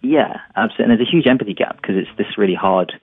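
A man's voice: lowish voice, very fast, husky, no echo. A man speaking earnestly in a conversational interview, thoughtful with some restarts. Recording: tinny phone line with faint music.

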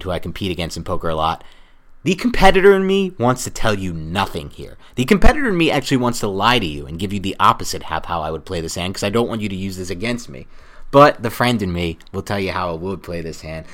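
A man's voice: on the low side, a bit bright. A man with a nasal voice co-hosting a sports podcast, chatting casually and explaining at length with teasing laughs. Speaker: podcast co-host.

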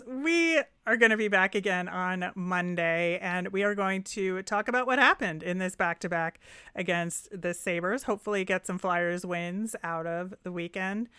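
Woman podcast co-host, lower voice, smooth and clear, upbeat and chatty, dry close sound. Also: bright, forceful tone, no room sound. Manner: upbeat, chatty, laughs easily. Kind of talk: casual sports chat.

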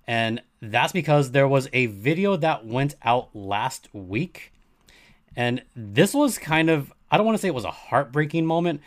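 A man hosting a sports podcast, talking earnestly and with emphasis, repeating his key points. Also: mid-range voice. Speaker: podcast host.

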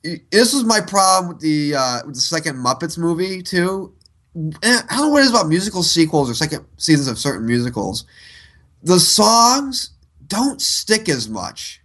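A man co-hosting a podcast, chatting casually about a TV show in a rambling, animated way. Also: on the high side, moderate pace. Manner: rambling, animated retelling of scenes. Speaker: podcast co-host. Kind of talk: casual chat reviewing a TV show.

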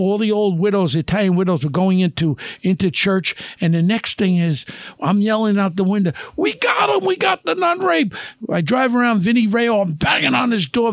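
Brash high-voiced older New man. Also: dry recording, studio quality. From New York. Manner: brash, animated, tough-talking. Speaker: podcast host, former detective. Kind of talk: storytelling.

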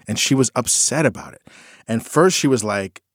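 A man in casual conversation, musing reflectively and recounting a story about his kids, getting animated when he quotes them. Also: mid-range voice, normal speed, dry recording, studio quality. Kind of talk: casual chat.

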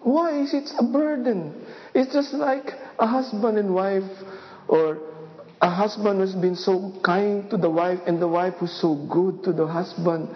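A woman preaching a sermon, asking rhetorical questions and acting out voices in a lively way. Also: medium pitch, unhurried. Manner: animated, rhetorical questions, acts out voices of God and people. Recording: dull sound with long hall reverb.

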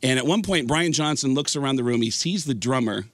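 A man telling a long anecdote on a radio show, animated, slipping into other voices as he goes. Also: medium pitch, a little fast, dry recording. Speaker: guest storyteller. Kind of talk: casual radio show chat.

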